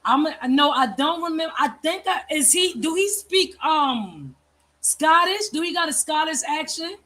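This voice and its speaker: A woman's voice: sits high, lively intonation, normal speed, sharp tone. A woman in a casual, chatty conversation, reminiscing with plenty of fillers. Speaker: host. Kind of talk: casual chat.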